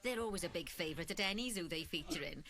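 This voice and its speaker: A woman's voice: fairly low pitch, lively intonation, fast, a bit bright, a little hiss or hum. A woman voicing a cheery, jokey zoo guide who leads a game tutorial in a sing-song manner. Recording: faint game music behind.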